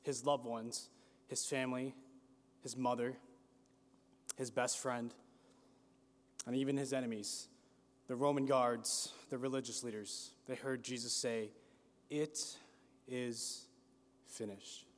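A man preaching a sermon with a slow, dramatic delivery that rises and falls. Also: medium pitch, level tone. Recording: long hall reverb.

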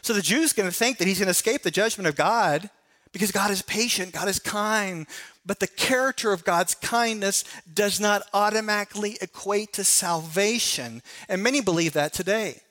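A man preaching a sermon on a Bible passage, emphatic and swinging between raised and hushed delivery. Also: high voice, normal speed.

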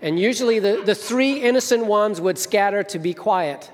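A man's voice: sits high, moderate pace. A middle-aged man, the senior minister, giving a storytelling sermon and acting out the voices of the people in his stories. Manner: storytelling, acts out quoted voices. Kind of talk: sermon with anecdotes. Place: church hall. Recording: long hall reverb.

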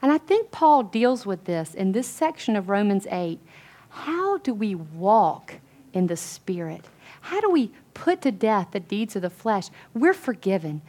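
A woman's voice: mid-range voice, darkish tone. A woman giving an earnest, conversational sermon to a Bible study group, chatting through restarts and fillers. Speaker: women's Bible study speaker.

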